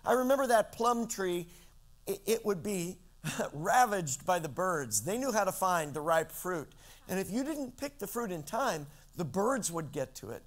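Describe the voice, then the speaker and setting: Man, high-pitched voice, preaching a sermon, from Central California, dramatic rises and drops, asks listeners questions. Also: lively intonation. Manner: dramatic shifts in pitch and loudness, slows for emphasis; addresses listeners directly with questions. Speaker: pastor.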